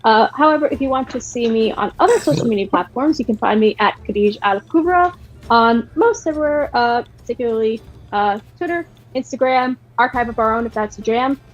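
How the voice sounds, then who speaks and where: A woman's voice: fairly high pitch, brisk. A woman who plays in a tabletop game stream, chatting in a bubbly, enthusiastic way as she plugs her channels. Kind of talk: casual chat, plugging her channels. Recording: muffled lo-fi mic.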